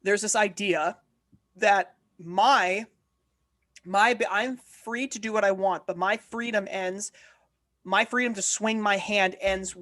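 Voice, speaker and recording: A woman co-hosting a political podcast, arguing her point with steady passion. Her voice sits at a middle pitch, and she often breaks off and restarts her sentences as she builds her case. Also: takes it slowly. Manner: impassioned, argumentative, frequent self-restarts. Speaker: podcast co-host.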